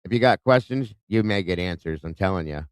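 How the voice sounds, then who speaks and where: This Ohio livestream host talks fairly quickly from home in a low, smooth voice with lively intonation, on a dry recording. He casually calls out viewers by name and reads their comments out loud.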